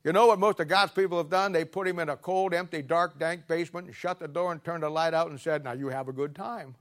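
A man preaching a sermon with a blunt, scolding, plain-spoken manner, swinging from quiet murmurs to loud emphatic peaks. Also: a little high, steady tone, quick pace.

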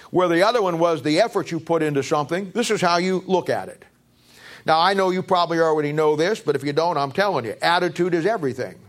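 A man preaching a sermon as pastor, emphatic, repeating lines and asking rhetorical questions, with frequent stumbles and restarts. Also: a little high.

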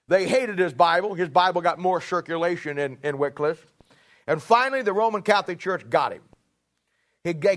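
A pastor preaching a sermon in a folksy, emphatic storytelling manner, full of rhetorical questions. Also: male voice, high voice, a bit bright.

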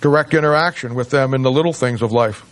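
Halting, emphatic preaching man. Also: medium pitch. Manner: halting with many restarts, rising to emphatic peaks. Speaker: pastor. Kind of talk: sermon.

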